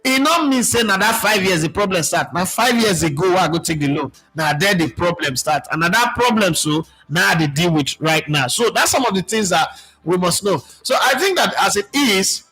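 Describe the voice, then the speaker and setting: A Nigerian-accented football show host runs a casual live stream, chatting and reading out viewer comments while mixing Pidgin with English. His high-pitched voice has lively intonation, a moderate pace, and a pushed, bright, husky quality, captured in poor audio.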